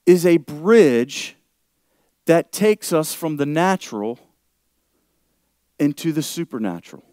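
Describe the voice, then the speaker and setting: Pastor guy preaching, kinda high voice, keeps asking "okay?" and "you following me?", dry close sound. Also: lively intonation, slow pace, dry recording. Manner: preaching, rising loud and high when stressing a point; asks the congregation for agreement often. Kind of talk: sermon.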